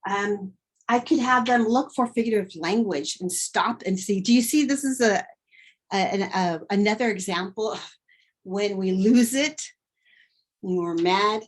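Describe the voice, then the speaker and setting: A woman teacher modeling a vocabulary lesson, acting out feelings in her examples and then explaining her method. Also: medium pitch. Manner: expressive, acts out emotions in examples, slow deliberate delivery. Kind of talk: teacher demonstration.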